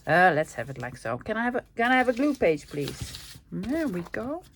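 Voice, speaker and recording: A Dutch woman from the Netherlands hosts a casual craft-along chat, chattering to herself as she works on her crafting channel. Her medium-pitched voice is very animated and moves at a normal speed, with a faint hiss or hum underneath.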